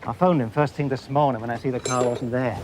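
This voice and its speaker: A man's voice: mid-range voice, steady tone, quick pace, background noise, natural voice. An actor playing a chatty, flustered man who manages a car hire firm, rambling and chuckling as he talks.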